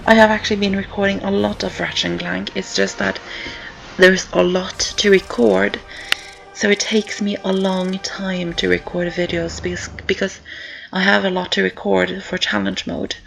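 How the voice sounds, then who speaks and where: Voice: mid-range voice, little pitch movement, normal speed, gravelly, fairly bright tone, a little hiss or hum, low-quality recording. A young student giving casual gameplay commentary, rambling and repeating with many ums, out of breath with a sore throat. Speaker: let's-play commentator. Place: indoors at home, rain on the windows. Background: game music.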